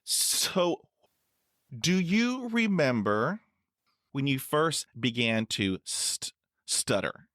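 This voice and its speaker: A middle-aged man hosting a podcast interview, speaking slowly with stutter blocks and repeated sounds. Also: mid-range voice, very animated, a bit bright, no room sound, studio quality. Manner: slow, halting speech with stutter blocks. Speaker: podcast host.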